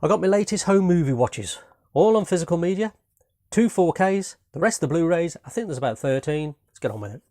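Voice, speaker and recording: A man's voice: fairly high pitch, expressive, a little fast, a little mellow, no room sound, clean studio sound. A man from Britain casually reviewing his latest home movie watches, rambling and enthusiastic, peppering his talk with "man" and "you know what I mean".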